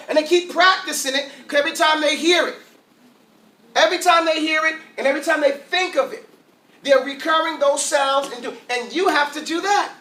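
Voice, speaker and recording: Here the high-voiced, bright-toned Arabic teacher moves fairly quickly, questioning his students and leading them in repeating sounds with lively energy. He's far from the microphone in an echoing, spacious classroom.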